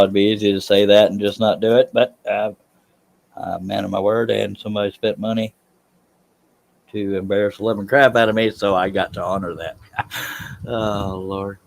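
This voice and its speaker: A man's voice: on the low side, little pitch movement, normal speed, creaky. A man chatting casually on a live stream while he works in his workshop. He talks in a rambling, self-deprecating way and laughs at himself.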